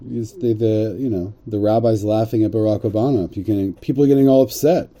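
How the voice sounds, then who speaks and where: A man's voice: lowish voice, a little fast, warm tone. A man teaching a religious story, reading Hebrew lines and retelling them in casual English with jokey asides. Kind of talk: translating and explaining a story aloud.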